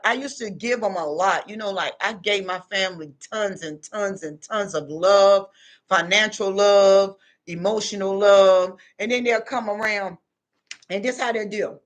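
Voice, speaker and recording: Speaking at normal speed, her voice is medium in pitch and a touch bright. This middle-aged woman offers life advice directly to her audience in an informal monologue, blunt, plainspoken and full of street slang.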